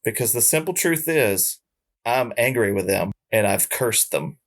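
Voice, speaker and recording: A man doing a comic impression of a gruff ghostly old country singer with an exaggerated Southern drawl. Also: medium pitch, lively intonation, measured pace. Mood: angry. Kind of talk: comic impression within a story.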